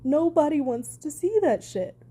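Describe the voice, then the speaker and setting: With a high, animated, mellow voice at a moderate pace, a woman gives casual reaction commentary on her own channel. She gets heated and sarcastic, swears hard to make her points, and throws in sarcastic asides.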